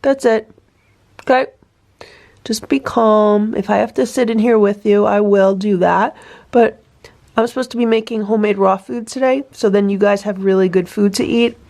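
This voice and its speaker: A woman's voice: medium pitch, steady tone, a little fast, gravelly, mellow. A woman filming a casual vlog at home, talking soothingly to a rescued cat and explaining her care in a coaxing, sing-song way.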